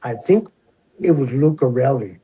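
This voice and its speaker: A man in his sixties, a retired prison officer, telling stories in a relaxed, chatty way and acting out the voices of others. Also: medium pitch, moderate pace, a little hiss or hum, rough recording. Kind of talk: casual storytelling.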